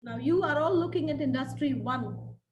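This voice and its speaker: A woman lecturer giving a webinar, telling a story and speaking in a deliberate, emphatic way. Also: sits high, lo-fi sound. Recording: echoey room with faint noise.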